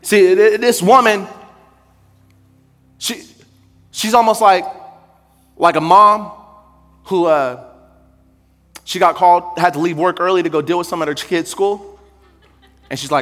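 Man preaching a lively, joking sermon in a hall. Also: high voice, normal speed, long pauses. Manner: humorous, conversational preaching that builds to shouted intensity. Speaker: pastor. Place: church sanctuary.

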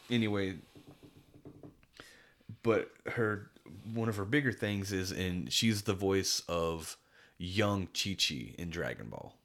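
This podcast co-host has a low, fairly bright voice and speaks slowly with long pauses. He chats casually and enthusiastically, rambling and restarting often.

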